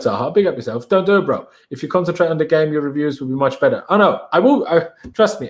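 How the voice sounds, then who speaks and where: A young man from Austria, whose first language is German, chats casually on a live stream, energetic and slangy as he hypes his viewers. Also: a little high, fast, few pauses. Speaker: livestream host.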